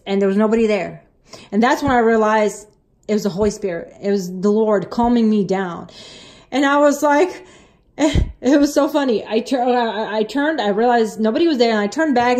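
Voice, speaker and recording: A woman's voice: on the high side, a little fast, a little mellow. A woman vlogger sharing a personal testimony in a casual, rambling way, full of restarts, and earnest and emotional as she retells it.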